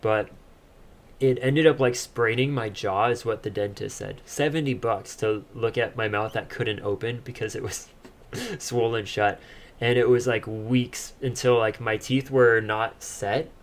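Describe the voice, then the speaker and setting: A man's voice: medium pitch, measured pace, a little hiss or hum. A young man, a podcast co-host, telling a personal story in casual chat, laughing often as he talks.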